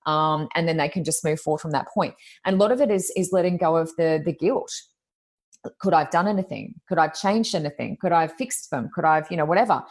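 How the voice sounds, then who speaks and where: A woman's voice: low voice, quick pace. A woman, a psychic medium, chatting in an interview with many fillers, acting out what people said. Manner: chatty, lots of "you know" fillers, acts out quotes. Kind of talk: casual interview storytelling.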